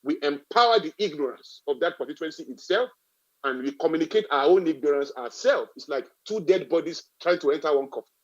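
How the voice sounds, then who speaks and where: A man's voice: on the high side, animated, brisk, dull audio. A man with a Nigerian accent giving a public talk, emphatic and repetitive, driving points home with rhetorical questions. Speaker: guest speaker.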